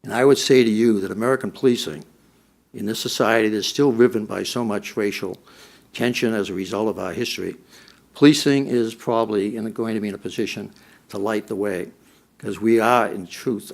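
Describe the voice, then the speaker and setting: A man's voice: on the low side, fairly even intonation, a little fast, vocal fry. A middle-aged man, a former police chief, giving a prepared speech at a policy forum and repeating his points for emphasis.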